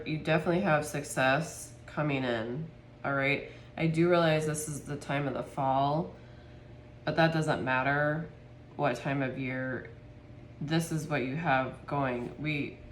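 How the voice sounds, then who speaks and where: A woman giving a spiritual tarot reading to her viewers, speaking softly and with heartfelt emotion. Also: sits low, roomy sound, a little hiss or hum. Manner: soft, heartfelt, gets emotional. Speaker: tarot reader.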